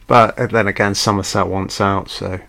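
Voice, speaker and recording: A man's voice: low voice, level tone, moderate pace, vocal fry, a bit bright. A man giving a crude, joking, off-the-cuff film commentary at home. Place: at home with a dog.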